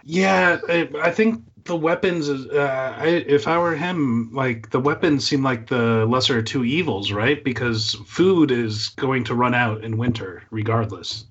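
A man's voice: medium pitch, measured pace, hardly any pauses, a bit bright, breathy edge. A man on a casual book podcast, chiming in with wry quips. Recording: slightly dull audio.

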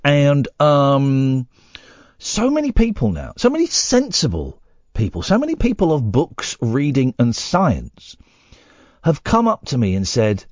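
A man hosting a late-night phone-in radio show, telling rambling, animated stories. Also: mid-range voice, measured pace, dry recording, clean studio sound. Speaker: radio talk show host. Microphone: studio microphone.

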